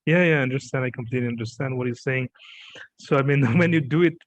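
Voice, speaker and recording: A male host talks in a lively, chatty way, laughing easily and filling gaps with "yeah" and "okay". His mid-pitched voice sounds dry and close, with no room around it. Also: fast talker, no echo, low-quality recording. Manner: animated, laughs often, repeats "yeah" and "okay". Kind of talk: interview, casual chat.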